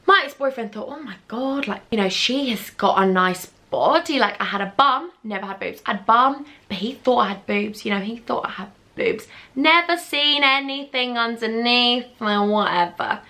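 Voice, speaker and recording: A woman's voice: fairly high pitch, moderate pace, few pauses, bright, forceful tone. Chatty young woman. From England. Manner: gushing, chatty, pet names. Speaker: beauty vlogger. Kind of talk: casual storytime chat.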